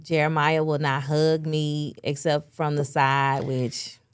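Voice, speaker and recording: A woman's voice: low voice, little pitch movement, slow, smooth. A middle-aged woman co-hosting a faith podcast, talking thoughtfully and with conviction about parenting. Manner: reflective, speaks of parenting with conviction. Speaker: podcast co-host. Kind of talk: casual faith and parenting chat.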